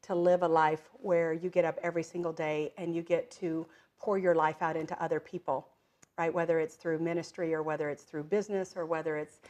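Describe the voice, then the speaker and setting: A woman's voice: low-pitched, fairly quick. A middle-aged woman talking as an entrepreneur guest in a casual interview, full of "um" and "like", often acting out quoted voices and laughing. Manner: lively storyteller who acts out quoted voices and laughs often; many fillers like "um" and "like". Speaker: guest, direct-selling entrepreneur.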